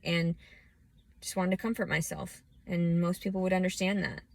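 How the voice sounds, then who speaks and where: A woman vlogging a scattered, profane rant that swings from low muttering into shouting. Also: steady tone, normal speed, creaky, no room sound. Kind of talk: ranting personal monologue.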